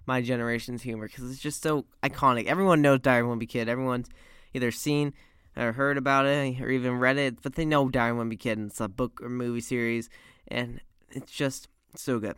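A man's voice: mid-range voice, a little fast, a bit bright, clear, resonant tone, no echo, studio quality. A teenage boy rambling animatedly in slang as he reviews a movie series. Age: teens.

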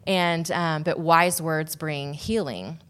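A woman's voice: sits low, fairly even intonation, slow, a bit bright, smooth. A woman on a podcast telling a personal story in a casual, rambling way, with many restarts and asides. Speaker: podcast guest.

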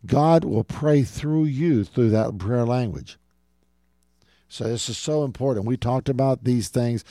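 A man's voice: medium pitch, measured pace, dark tone, no echo, studio quality. A middle-aged man preaching a radio sermon, earnestly and directly calling his listeners "folks". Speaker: radio show host and preacher.

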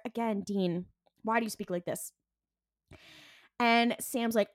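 A woman's voice: medium pitch, steady tone, moderate pace, long pauses, no room sound, studio quality. A young woman co-hosting a podcast, casually recapping a TV episode, acting out the characters' lines and laughing often. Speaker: podcast co-host.

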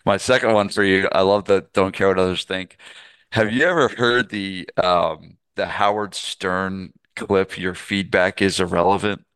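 Middle-aged male podcast host, low gravelly voice, smooth dry sound, eager rambling chat. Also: fairly even intonation, measured pace, fairly bright tone, dry recording. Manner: enthusiastic, rambling with restarts. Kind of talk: casual interview chat.

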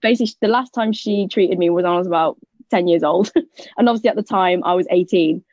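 A young British woman telling a personal story in casual conversation. She is lively and jokey and acts out what other people said. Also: lowish voice, fast talker, no echo. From United Kingdom. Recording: dull, slightly lo-fi, dry sound.

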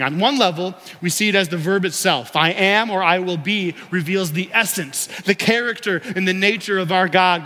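A man's voice: a little high, bright, forceful tone. A young man preaching a sermon, teaching and having the congregation repeat words after him. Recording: long hall reverb.

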